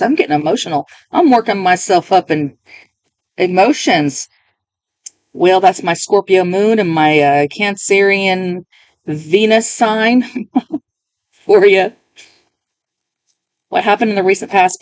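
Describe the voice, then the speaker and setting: A woman's voice: fairly low pitch, dry recording. A woman reading tarot cards for her viewers, talking in a musing, emotional way and often interrupting herself. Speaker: tarot reader.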